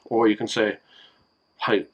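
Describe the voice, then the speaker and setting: A man casually explaining simple phrases in a home video lesson, relaxed and slow, with many fillers. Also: on the low side, muffled recording.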